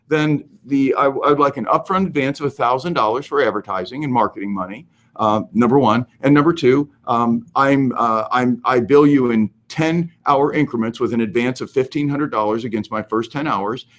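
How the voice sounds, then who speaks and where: A man hosting a live question-and-answer show, giving animated, emphatic advice and explaining the law step by step. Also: medium pitch, moderate pace. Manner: animated, emphatic, goes overboard. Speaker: host answering real estate questions.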